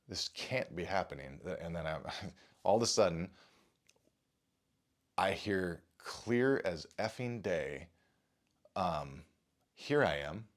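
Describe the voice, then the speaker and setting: A man with a very low voice speaks to camera, visibly shaken. He stammers, restarts his sentences and curses now and then while recounting an experience that unsettled him. He sounds like a father telling the story right after it happened. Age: adult father. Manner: rattled, stammering, restarts and swears. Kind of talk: shaken first-person account to camera.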